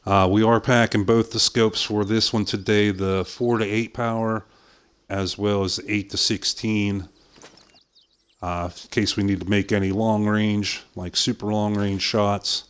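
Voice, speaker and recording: A middle-aged man from Pittsburgh with a softened Pittsburgh accent, casually chatting with viewers while streaming a hunting game, full of "uh" fillers and easy laughs. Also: lowish voice, flat delivery, measured pace, smooth. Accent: softened Pittsburgh American. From southwest Pennsylvania, USA. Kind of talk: casual live-stream commentary.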